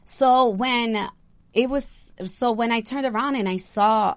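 A young woman, a bride, chatting casually and telling an animated story with lots of "like". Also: a little high, slow, no room sound. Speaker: bride recounting her wedding. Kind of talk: casual chat.

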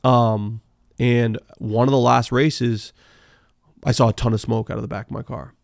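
Man, gravelly voice, casual storytelling, swears freely, dry close sound. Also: medium pitch, moderate pace, no echo. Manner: animated, swears freely, many fillers. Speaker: podcast guest, car builder.

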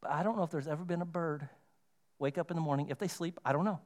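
A male pastor preaching a sermon to his church, emphatic and conversational, with dramatic pauses and repeated phrases. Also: fairly high pitch. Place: church sanctuary.

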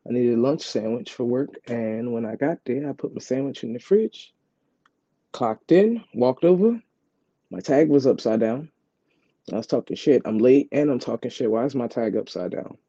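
Husky man with a very dark voice. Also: medium pitch, moderate pace, no room sound. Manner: rambling, repeats himself, fillers like "like". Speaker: vlogger. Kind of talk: casual storytelling. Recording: dull, dry lo-fi sound.

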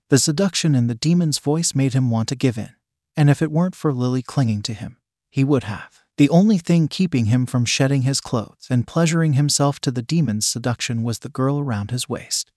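A man narrating a story in a steady, even reading voice. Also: medium pitch, a little fast, no echo, clean studio sound. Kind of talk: scripted narration.

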